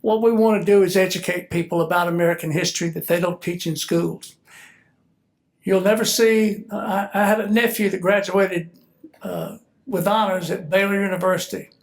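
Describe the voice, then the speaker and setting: A man's voice: high voice, steady tone, moderate pace. An older man with a Southern US accent, a retired military officer giving an easygoing, joking speech at an event while a little stuffy and congested. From Georgia, US.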